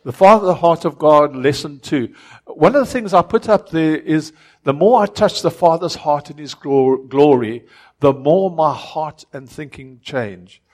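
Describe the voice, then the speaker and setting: A man's voice: a little high, a little slow. Earnest preacher man. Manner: earnest, repeats words and restarts, varies loudness. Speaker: pastor. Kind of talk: sermon.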